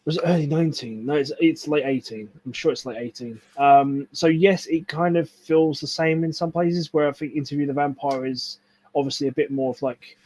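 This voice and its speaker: A man's voice: on the high side, steady tone, fairly quick, darkish tone. A young man chatting casually on a stream, rambling and swearing as he enthuses about films. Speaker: stream co-host. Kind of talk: casual chat.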